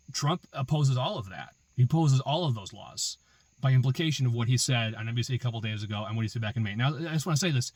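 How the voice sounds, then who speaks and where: A man's voice: mid-range voice, dry recording. Emphatic man in a dry, close room. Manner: emphatic, repetitive, building arguments with rhetorical questions. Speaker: political commentary host. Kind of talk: opinion monologue.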